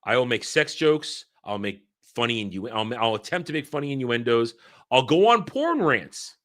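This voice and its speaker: A man's voice: medium pitch, sing-song, normal speed, fairly bright tone. A man giving a blunt, exasperated film review, swearing freely and repeating himself for emphasis.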